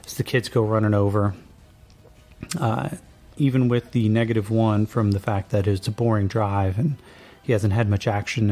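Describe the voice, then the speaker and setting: A man's voice: fairly low pitch, darkish tone. A man narrating as game master of a tabletop game, laid-back and rambling with lots of fillers.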